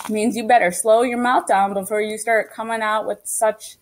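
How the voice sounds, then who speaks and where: A woman reading an audiobook, voicing a gruff older male drifter who scolds with folksy Southern sayings. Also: a little high, fairly even intonation, moderate pace, slight background noise, lightly acted. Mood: scolding.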